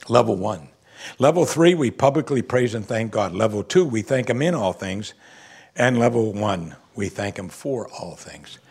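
A man preaching a sermon, swinging from quiet low asides to loud emphatic exclamations. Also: gravelly, slightly rough. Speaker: pastor.

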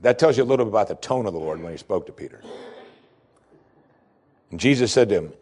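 A man preaching a sermon, explaining scripture with emphasis that rises sharply in pitch. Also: quick pace, long pauses, breathy edge. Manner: animated preaching, voice climbing high for emphasis. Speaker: pastor.

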